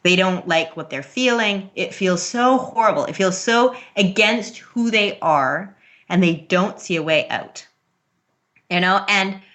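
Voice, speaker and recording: A woman's voice: mid-range voice, pushed and bright. A woman guest on a podcast, talking about parenting in a chatty, earnest way and laughing often. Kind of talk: casual interview talk.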